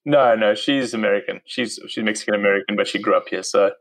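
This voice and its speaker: A man's voice: lowish voice, fast talker, fairly bright tone, rough recording. A man in his thirties with a South African accent, chatting casually as an interview guest and laughing easily. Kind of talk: casual conversation.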